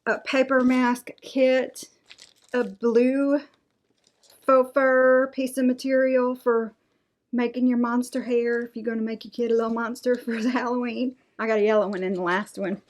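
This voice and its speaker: A middle-aged woman, chatting excitedly as she unboxes craft items and reads out prices. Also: a little high, normal speed. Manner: gushing, enthusiastic, reads out prices. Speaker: unboxing vlogger. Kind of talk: casual unboxing chat.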